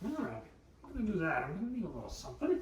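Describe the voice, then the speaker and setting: A man's voice: high-pitched, huge pitch swings, rapid-fire, distant mic, slight background noise. A man hosting a live cooking stream, chatting and joking with viewers and laughing often. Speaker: livestream cooking host. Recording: echoey room, voice off-mic.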